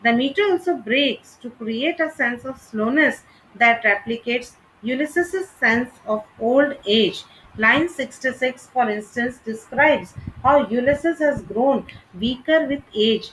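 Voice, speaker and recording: A woman reads a literature lesson from a script. She speaks unhurriedly and deliberately, in a slightly high voice, with a faint hum in the background. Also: fairly bright tone, rough recording. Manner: measured, deliberate reading. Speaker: literature teacher.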